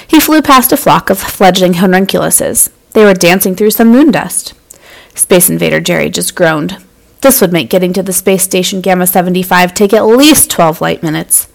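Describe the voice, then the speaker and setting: A woman hosting a children's story podcast, telling the story in a lively, friendly way to young listeners. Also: on the low side, vocal fry, low-quality recording.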